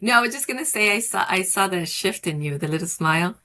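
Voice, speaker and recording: A woman wellness coach speaking in a soft, slow, affirming way, with gentle repetition, in a podcast conversation. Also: medium pitch, animated. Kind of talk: guided reflection and coaching talk.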